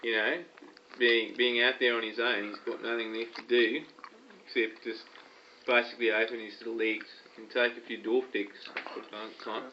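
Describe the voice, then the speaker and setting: A man in an improvised comedy skit, loud and stammering, repeating his words, recorded on a home video camera. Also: medium pitch, flat delivery, normal speed, highs cut off, a little hiss or hum.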